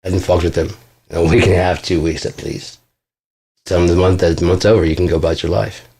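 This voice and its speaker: A man's voice: low-pitched, steady tone, quick pace, vocal fry, mellow, slight background noise. A man telling a blunt, profane story in a casual vlog monologue, boasting as he goes. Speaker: vlogger.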